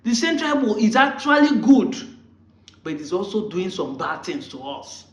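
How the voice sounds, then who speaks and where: A man's voice: sits high, very animated, moderate pace. A man with a Nigerian accent giving a combative monologue, firing off rhetorical questions at his critics. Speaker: online commentator. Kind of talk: argumentative monologue. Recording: roomy, muffled lo-fi sound.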